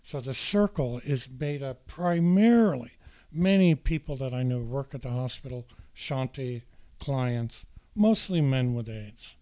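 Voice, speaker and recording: A man's voice: medium pitch, unhurried, dry recording, low-quality recording. A man telling a candid, emotional personal story, acting out the people he quotes. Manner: animated, acts out the people he quotes.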